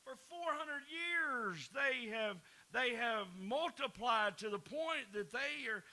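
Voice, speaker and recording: Preacher guy, high voice that swoops all over, folksy sermon, repeats himself a lot. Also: lively intonation, slow, bright, forceful tone, low-quality recording. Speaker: pastor.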